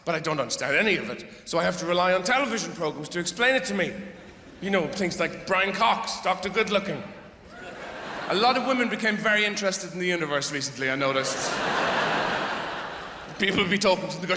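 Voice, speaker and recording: A man's voice: high-pitched, lively intonation, quick pace, noisy background. A middle-aged man performing stand-up comedy on stage, rambling and sardonic, swearing freely and breaking into outbursts. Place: live theater stage. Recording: echoey theater hall, faint audience.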